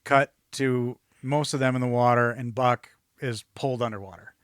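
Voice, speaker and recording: A man co-hosts a podcast, chatting casually and rambling through a movie recap with laughs. His mid-range voice is clear and resonant, with fairly even intonation and normal speed. The sound is clean studio audio with no room sound.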